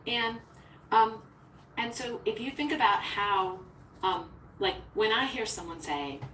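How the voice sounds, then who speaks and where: A woman in a philosophical conversation who talks eagerly and jumps in quickly. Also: mid-range voice, fairly bright tone. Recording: roomy echo from far off with faint noise.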